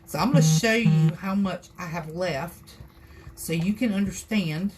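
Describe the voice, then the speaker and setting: A woman's voice: lowish voice, a little slow, a little mellow, husky. A woman with a Southern US accent chatting her way through a live crafting tutorial, rambling and folksy as she talks to her viewers. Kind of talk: casual how-to chat.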